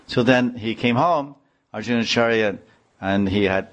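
A man's voice: medium pitch, measured pace, dull audio. A man telling a devotional story in a rambling way, restarting and repeating phrases.

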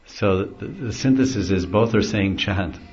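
A man's voice: lowish voice, normal speed, darkish tone. A middle-aged man, a spiritual teacher, giving an easygoing devotional talk and chuckling often as he explains. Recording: dull lo-fi recording.

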